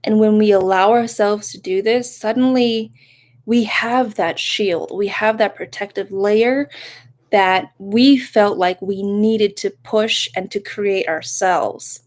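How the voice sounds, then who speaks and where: A young woman giving a casual live-stream reading, talking softly and rambling, breaking off to greet viewers with sudden excitement. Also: mid-range voice, slow pace. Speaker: live tarot reader.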